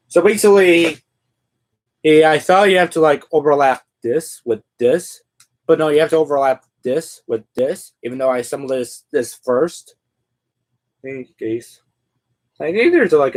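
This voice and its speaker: Rambling man chatting while building a figure. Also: mid-range voice. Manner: rambling, filler-heavy, thinking aloud. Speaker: streamer assembling a toy figure. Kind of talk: casual live-stream chat.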